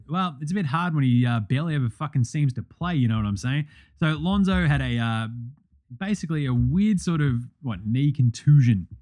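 A man's voice: on the high side, a little mellow. A young Australian man hosting a basketball podcast, ranting bluntly and swearing often. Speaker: podcast host. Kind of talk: profane basketball commentary.

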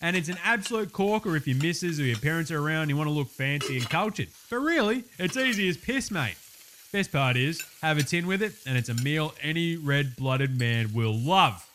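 A man's voice: a little high, lively intonation, brisk, fairly bright tone, slight background noise. A man doing a brash Aussie bloke cooking host. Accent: Australian. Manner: brash, swaggering, crude slang. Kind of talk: comedy sketch.

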